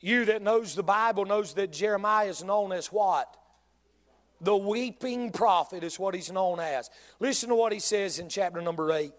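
Speaking at normal speed in a high voice, this Southern-accented pastor from North Carolina addresses his congregation head-on in a sermon, driving home key lines by repeating them.

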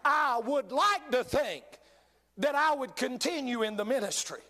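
A middle-aged man preaching a sermon, swinging between loud bursts and hushed, drawn-out words. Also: extremely high pitch, expressive. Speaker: pastor.

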